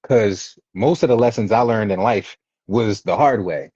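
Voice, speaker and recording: A man from Baltimore, appearing as an interview guest, earnestly tells reflective life stories in slangy casual talk, acting out the people he quotes. His voice is fairly low, unhurried, a little mellow and breathy. The recording is dull, lo-fi and dry, with no echo.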